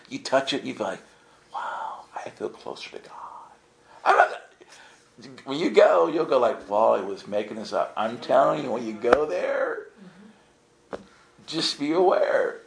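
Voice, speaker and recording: Guy telling stories to a group, acts out the quotes, goes high and excited sometimes, echoey room. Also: vocal fry. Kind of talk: animated storytelling.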